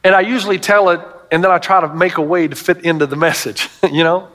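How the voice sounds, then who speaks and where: A man's voice: sits high, fairly even intonation, fast, a bit bright. A middle-aged male pastor preaching a sermon to a congregation, telling stories with emphatic asides.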